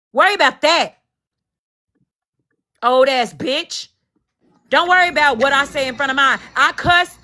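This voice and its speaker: A woman holds forth on a casual livestream, cursing and defiant, with a heated edge to every line. Her voice is bright and forceful and sits a little high. She talks the way a mother does about her own household. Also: normal speed, long pauses.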